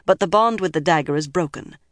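A reader voicing a cold, stern older woman leader, speaking in a measured, firm way in an audiobook. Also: mid-range voice, dry recording, natural voice. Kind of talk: audiobook character reading.

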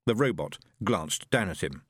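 A man narrating a science fiction audiobook in a measured storytelling manner with lively inflection. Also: deep voice, slightly rough, no room sound, studio quality.

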